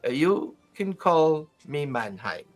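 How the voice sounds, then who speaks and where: A man voicing a gentle elderly male mystic who speaks courteously and unhurriedly, with a faint teasing edge. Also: on the high side, very animated, takes it slowly, soft background music. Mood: gracious.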